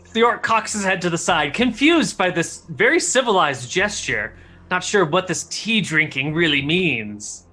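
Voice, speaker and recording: A man's voice: sits high, a little slow. A man running a tabletop game, describing the scene and the characters' actions. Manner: descriptive, steady narration of scenes. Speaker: game master.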